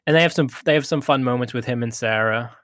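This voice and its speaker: A man's voice: mid-range voice, fast talker, fairly bright tone, dry recording, clean studio sound. Man co-hosting a casual movie chat. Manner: retells plot with hesitations and restarts. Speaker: co-host, movie reviewer.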